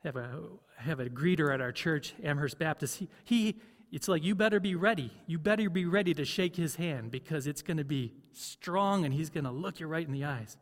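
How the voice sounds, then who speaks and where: A man's voice: on the high side, brisk, hardly any pauses, long reverb tail. A man preaching a sermon as pastor, conversational, often asking the congregation questions. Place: church.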